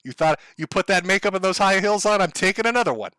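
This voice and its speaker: Man's put-on angry older world leader, profane, sharp voice. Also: high-pitched, lively intonation, fast, no echo, pitched above the performer's own voice. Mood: defiant, furious. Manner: profane, blustering tirade. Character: furious older male world leader, defiant.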